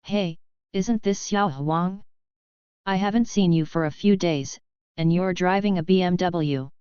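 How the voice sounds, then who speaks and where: Brief: woman narrator voicing a sly young man, mocking and calm, slightly muffled sound. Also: high voice, a little slow, clean tone, no room sound. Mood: teasing. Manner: teasing, smiling threats.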